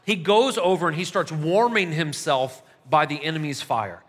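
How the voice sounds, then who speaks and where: A man preaching a sermon in a conversational, animated way, often checking in with the listeners. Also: fairly high pitch, normal speed, long reverb tail. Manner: conversational, animated preaching with frequent "right?" asides. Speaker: pastor.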